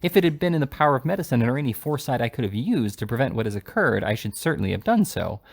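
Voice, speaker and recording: A man's voice: medium pitch, very animated, fast, vocal fry. A man voicing a fussy, flustered elderly aunt in a genteel, trembling manner while reading a novel aloud. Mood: distressed.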